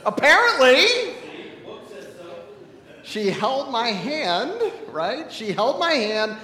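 Animated male pastor preaching. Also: extremely high pitch, slow, echoey room, in a large hall, low-quality recording. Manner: animated storytelling, swings from loud to hushed. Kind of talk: sermon.

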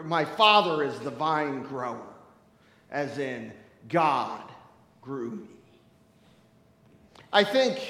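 A man's voice: high-pitched, fairly bright tone. A man preaching a sermon to his congregation in a church, playful and teasing as he talks straight to the people in the pews. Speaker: pastor. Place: church sanctuary. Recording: echoey church hall with long reverb.

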